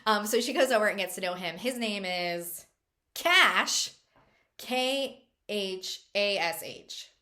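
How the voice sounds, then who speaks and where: A bubbly woman giving a casual book review, chatty and loose with plenty of filler words. Her voice is bright and sharp. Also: medium pitch, unhurried.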